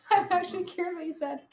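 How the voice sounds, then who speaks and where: A woman teaching a geometry lesson to a class, upbeat and quick to laugh with her students. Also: extremely high pitch. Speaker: math teacher. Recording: echoey classroom, faint noise.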